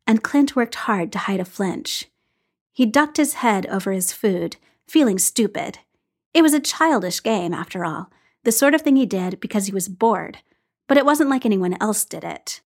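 A woman reading a story aloud in an even, unhurried storytelling voice. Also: mid-range voice, husky. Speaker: story reader. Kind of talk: reading fan fiction aloud.

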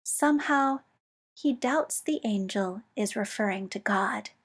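Woman narrating a story, slow and measured, breathy husky voice, soft delivery, slightly high. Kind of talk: reading fiction aloud.

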